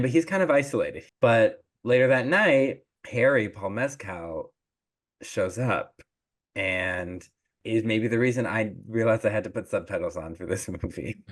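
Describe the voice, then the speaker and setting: A man hosting a podcast, recapping a film in casual chat with jokes and laughter. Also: on the low side. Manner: chatty, joking, quick to laugh. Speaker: podcast host.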